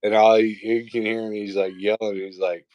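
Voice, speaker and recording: A man's voice: lowish voice, little pitch movement, moderate pace, a little mellow, no echo, dull audio. A man, a father in his thirties, chatting casually, an easygoing storyteller who swears. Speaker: co-host. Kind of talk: casual chat.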